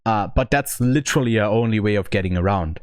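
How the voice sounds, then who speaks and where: Podcast co-host, male, low and smooth-voiced, dry close-mic sound, halting and reflective as he reviews films. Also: no echo. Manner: thinks aloud, hesitant with many restarts. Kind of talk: casual film review chat.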